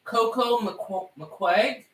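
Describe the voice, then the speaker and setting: A man's voice: very high-pitched, a bit bright, echoey room, recorded from a distance, a little hiss or hum, low-quality recording. A man moderating a live stream reads out viewer questions, stumbling a little on names. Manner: reads names haltingly, apologetic. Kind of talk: reading questions aloud.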